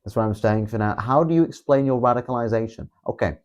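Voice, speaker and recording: A man's voice: mid-range voice, fast, darkish tone, lo-fi sound. A man, hosting a live stream, reading viewer comments aloud in a rambling, sarcastic way and swearing often. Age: 20s. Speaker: livestream host.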